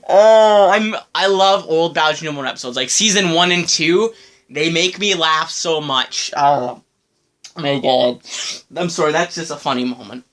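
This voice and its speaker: A man's voice: fairly high pitch, unhurried, a bit bright. A man giving casual reaction commentary on a video, stammering, giggling and apologizing as he talks.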